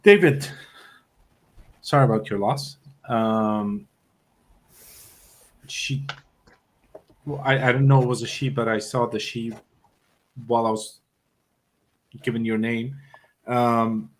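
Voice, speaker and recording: A man giving a live psychic reading as a guest medium. He talks haltingly, repeats his words and gets emotional. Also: medium pitch, steady tone.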